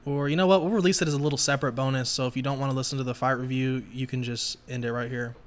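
A man's voice: mid-range voice, steady tone, rapid-fire. A man hosting a podcast, chatting casually with lots of swearing and joking. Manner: laid-back, heavy swearing, joking. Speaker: podcast host.

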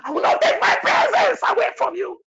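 A man leading a prophetic prayer session, shouting in fervent bursts, repeating phrases and breaking into tongues, with a gravelly voice. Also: very high-pitched, big pitch swings, a little fast, highs cut off, a little hiss or hum.

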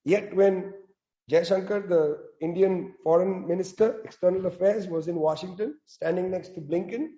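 A man's voice: sits high, moderate pace, mellow, highs cut off. A man giving an impassioned political talk, emphatic with sarcastic asides. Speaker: speaker at a public talk. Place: in South Africa.

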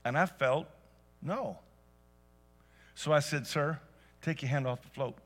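A man preaching a sermon to a church congregation, telling stories and rising to loud emphatic peaks. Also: a little high, unhurried, pauses often, faint music behind. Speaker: pastor. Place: church service.

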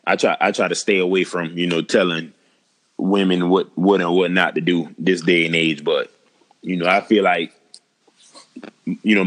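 A man co-hosting a casual group chat, easygoing and rambling, teasing the others. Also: low voice. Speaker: podcast co-host.

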